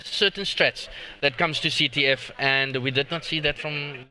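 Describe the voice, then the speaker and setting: A man co-casting a live esports match, excitable and hyped. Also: mid-range voice, normal speed. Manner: excitable, hype-driven. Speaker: esports co-caster.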